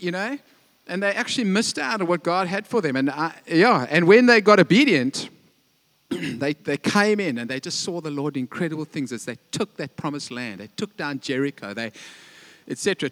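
A middle-aged man pastor giving a conversational sermon, joking about family and often pausing with fillers and restarts. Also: high voice, fairly bright tone.

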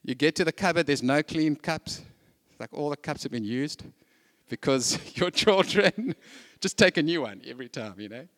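A man's voice: a little high, expressive, normal speed, fairly bright tone. A man preaching a sermon in a chatty, conversational way, full of casual asides.

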